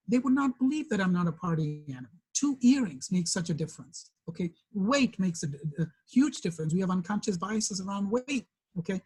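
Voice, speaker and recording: A man's voice: sits high, darkish tone, slightly rough, poor audio. A man with a New York accent giving a corporate diversity training, conversational and often checking in with the room.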